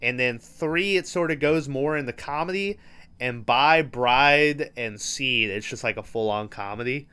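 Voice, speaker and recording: A man talks through a movie plot in a casual podcast chat, swearing freely and filling gaps with "uh" and "like". His voice sits at a middle pitch and comes across smooth and clear. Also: unhurried, pushed and bright. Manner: loose, profane storytelling with many fillers. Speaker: podcast host.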